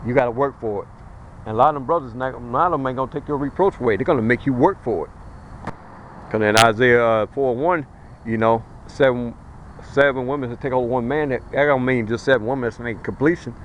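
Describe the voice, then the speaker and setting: A man's voice: mid-range voice, fast talker, a little hiss or hum, rough recording. A man preaching a fiery street sermon outdoors, blunt, colloquial and emphatic as he warns his listeners.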